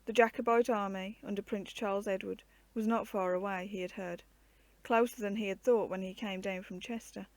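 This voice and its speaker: Storyteller: woman, mid pitch, steady measured reading, dry close sound. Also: dry recording.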